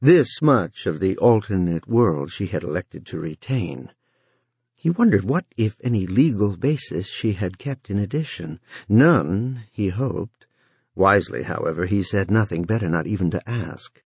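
A man narrating an audiobook in a measured, expressive way. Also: sits low, breathy edge, no room sound. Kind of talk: scripted narration.

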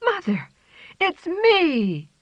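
A woman voicing a plucky young female black cat with wings, in a high, eager voice, on a dry, slightly dull storybook recording. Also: huge pitch swings, very slow, no echo, heavily acted. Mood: excited.

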